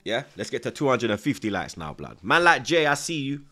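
A man's voice: mid-range voice, sing-song, brisk, pushed and bright. A young man hosting a football watchalong stream, reading out viewers' comments and peppering his chat with slang like "blood" and "you get me". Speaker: livestream host.

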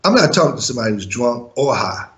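A man's voice: medium pitch, big pitch swings, quick pace, a bit bright, highs cut off. A man and former music manager telling a story in an interview, blunt and profane, chuckling now and then.

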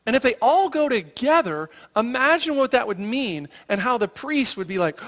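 An animated preacher telling a story from the pulpit, the voice rising and falling widely in a lively, expressive way. The delivery keeps checking in with listeners through rhetorical questions and quick "right?" tags. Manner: acts out quoted voices in a raised pitch. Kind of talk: sermon.

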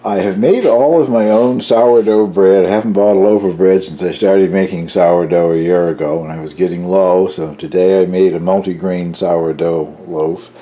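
An older man casually narrating his home baking for a cooking video, chatty and relaxed, tasting as he talks. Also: deep voice, moderate pace, few pauses. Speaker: home baker, channel host.

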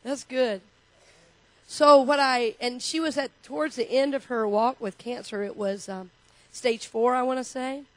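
A woman's voice: fairly high pitch, fairly even intonation, a little slow, no room sound. A middle-aged woman minister preaching a sermon in a church. She talks in a personal, conversational way and leads the congregation in call-and-response. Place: church sanctuary.

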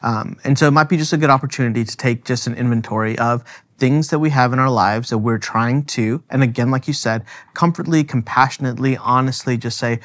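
A man's voice: medium pitch, a little fast, a bit bright. A man co-hosting a faith podcast, explaining theological ideas carefully and laughing easily. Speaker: theologian co-host. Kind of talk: teaching conversation.

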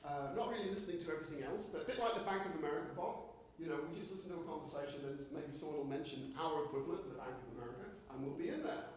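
A man giving a conference lecture, animated and conversational, often restarting his sentences. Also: on the high side, rapid-fire, few pauses, slight background noise. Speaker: keynote speaker. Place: lecture hall. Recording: echoey hall, voice from a distance.

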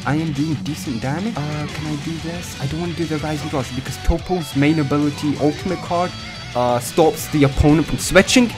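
A young man giving rambling, excitable commentary over his own gameplay as a gaming YouTuber, swinging between muttering and yelling. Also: on the high side, brisk, over music.

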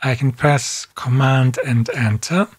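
Slow, calm male software instructor. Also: mid-range voice, slightly rough. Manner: calm, step-by-step, unhurried. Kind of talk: screen-recorded tutorial narration.

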